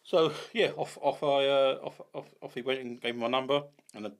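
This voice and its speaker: A man, a podcast guest telling casual stories in an animated way, acting out dialogue with many restarts. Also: mid-range voice, a little fast, vocal fry. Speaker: podcast guest, bait company founder.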